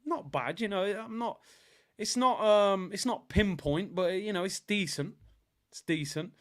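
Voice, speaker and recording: A young man hosts a football watchalong with easy, chatty banter and slang. His voice is slightly higher than most men's. He talks casually, as if to friends. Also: measured pace, a bit bright. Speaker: livestream host.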